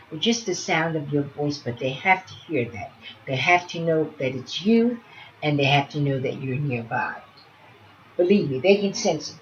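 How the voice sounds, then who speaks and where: Chatty woman teacher, slightly low voice. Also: muffled recording, a little hiss or hum. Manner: chatty, talks softly to pretend infants. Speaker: early childhood teacher. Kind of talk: teaching demonstration with toys.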